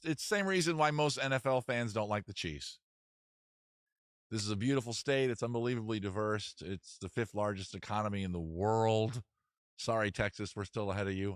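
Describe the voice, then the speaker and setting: A man's voice: on the low side, no room sound. Wry, rambling man in a dry backyard. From Maryland. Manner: rambling, wry, self-deprecating. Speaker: comedy advice show host. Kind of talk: casual live-stream chat. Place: backyard outdoors next to a heater.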